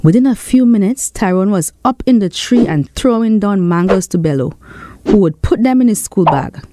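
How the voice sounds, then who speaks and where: A woman with a St. reading a children's story aloud in an expressive storytelling voice. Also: mid-range voice, moderate pace. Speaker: storyteller and author. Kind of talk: storybook narration.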